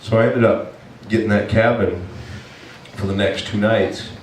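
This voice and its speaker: A man preaching as pastor, telling a story in an animated, self-mocking way and acting out his own complaints. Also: fairly low pitch, a little slow, slight background noise. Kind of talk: storytelling sermon. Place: church hall. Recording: echoey room from far off.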